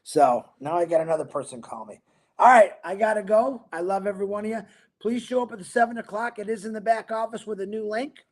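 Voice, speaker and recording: A man hosting a casual livestream, rambling upbeat as he greets viewers by name, talking fast and a bit mumbled. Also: high-pitched. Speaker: livestream host. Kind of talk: casual livestream chat reading viewer comments.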